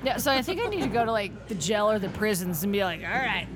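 Female co-host, animated and exclamatory, pitch jumps around, light music bed. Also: fast talker. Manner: animated storyteller, exclamatory, laughs a lot. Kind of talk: casual chat.

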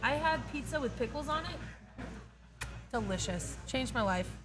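A woman's voice: sits high, expressive, measured pace. A woman in a casual chat, teasing her co-host and laughing often.

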